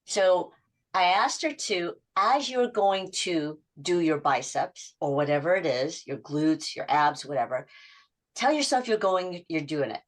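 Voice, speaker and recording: A middle-aged woman habit coach in a podcast interview, telling client stories and acting out their quotes in lively voice shifts. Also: on the low side, moderate pace.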